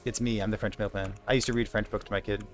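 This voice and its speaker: A man's voice: on the low side, little pitch movement, quick pace, soft background music. A man in his thirties chatting casually while streaming a game, rambling through a story with lots of fillers. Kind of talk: casual gaming stream chat.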